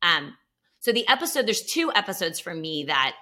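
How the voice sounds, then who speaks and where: Middle-aged woman guest, bright forceful voice, lively storyteller, casual podcast. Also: on the low side. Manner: animated storyteller, quick to act out quotes. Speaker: guest, actor.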